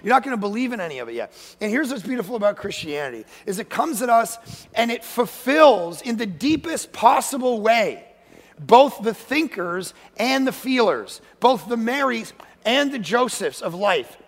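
Male guest preacher, high and gravelly, playful and animated, sanctuary reverb. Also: moderate pace. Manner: animated, joking, acts out quoted voices, sudden shouts. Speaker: guest pastor. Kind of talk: energetic comedic sermon. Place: church sanctuary. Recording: long hall reverb.

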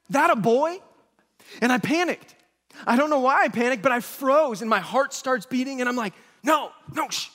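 A man's voice: high-pitched, a bit bright. A man in his thirties preaching a sermon as pastor, telling funny stories with self-mocking humor and acting out the voices of the people in them. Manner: humorous storytelling, acts out quoted voices. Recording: long hall reverb.

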